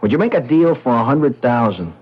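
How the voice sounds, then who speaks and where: A man's voice: mid-range voice, very animated, natural voice. An actor in his twenties playing an eager, hesitant young man in a radio drama, stammering and earnest. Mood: pleading. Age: 20s. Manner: stammering, earnest, halting restarts. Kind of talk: 1970s radio drama acting. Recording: dull lo-fi old radio recording.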